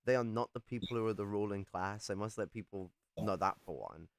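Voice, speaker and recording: A man's voice: lowish voice, brisk. A young man from England in casual chat, rambling and swearing a lot as he talks.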